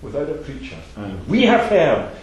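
A man's voice: medium pitch, huge pitch swings, normal speed. Emphatic male preacher in echoey hall. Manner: emphatic, repeats phrases, swings between loud and soft. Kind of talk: sermon.

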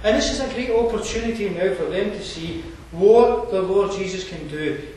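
A man with a Scottish accent preaching a sermon, conversational and digressive, often pausing with fillers and restarting his sentences. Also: sits high, darkish tone, a little hiss or hum. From Scotland. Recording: echoey room from far off, faint ambience.

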